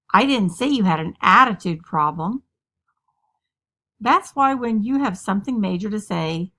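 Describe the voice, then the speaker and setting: A woman giving an earnest, friendly lesson narration, reading a poem slowly and with emphasis. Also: mid-range voice, gravelly.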